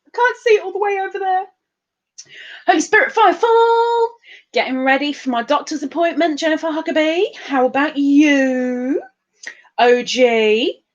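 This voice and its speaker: A woman's voice: high voice, moderate pace, muffled recording. A tired woman hosting a casual live stream, chatting bubbly and greeting viewers by name with big upward swoops.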